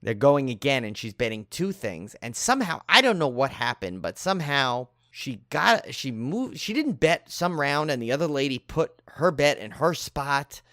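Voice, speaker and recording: This podcast co-host, a man with a mid-range voice, tells an animated anecdote in casual conversation and acts out the people he quotes. He speaks at a moderate pace with few pauses, and the studio recording is clean with no room sound.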